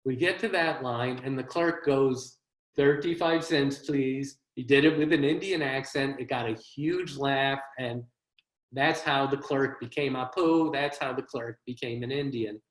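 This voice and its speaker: A man's voice: mid-range voice, normal speed. A man, a comedy writer, giving a one-man show with wry, self-deprecating comic storytelling over a video call. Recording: roomy echo.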